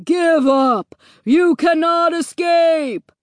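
A woman voicing a menacing inflatable park monster who shouts commands and threats. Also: very high-pitched, very slow, no room sound, studio quality, voice pushed up, heavily acted.

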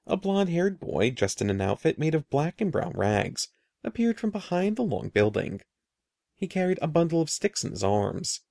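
A man reading a children's story aloud in an expressive, animated way. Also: on the high side, creaky, no echo, studio quality. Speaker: narrator.

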